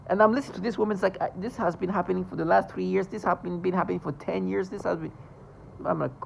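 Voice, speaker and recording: A vlogger talking straight to camera in a raw, agitated monologue, with middle-pitched speech. The talk swings between loud outbursts and low mutters, full of swearing. Faint noise sits underneath. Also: fairly quick, creaky, low-quality recording.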